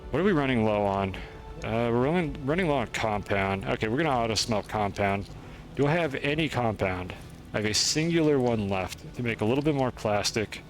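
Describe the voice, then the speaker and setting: A man's voice: mid-range voice, lively intonation, brisk, soft background music. A man streaming a game, chatting through his moves in a rambling, self-deprecating way. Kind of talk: gameplay commentary.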